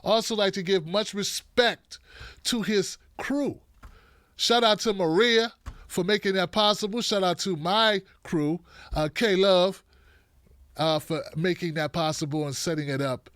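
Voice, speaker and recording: A man with a rather high voice hosts a live stream, chatting loosely and playfully with his viewers. His throat is dry and he keeps clearing it. The sound is dry and close, with no room echo. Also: measured pace. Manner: lively and animated, playful asides to viewers. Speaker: host of a live online show. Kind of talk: casual live-stream chat, greeting viewers.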